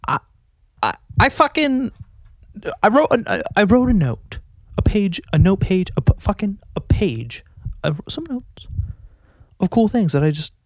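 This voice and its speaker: A man's voice: high-pitched, big pitch swings, unhurried, long pauses, no room sound. Profane rambling man, dry close sound. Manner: profane, rambling and self-mocking. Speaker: podcast host. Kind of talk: casual solo podcast monologue. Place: at home with his dog.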